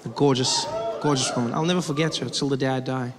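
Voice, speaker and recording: Animated comedian in a noisy hall. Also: male voice, mid-range voice, fast talker. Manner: animated, bursts into shouts. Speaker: stand-up comedian. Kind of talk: stand-up storytelling. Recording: roomy hall, loud crowd noise.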